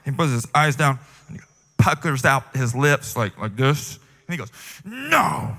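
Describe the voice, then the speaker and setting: A man preaching a sermon as a pastor, telling a family story with lively acted-out quotes. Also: medium pitch, normal speed. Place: large church auditorium. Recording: long hall reverb from a church stage.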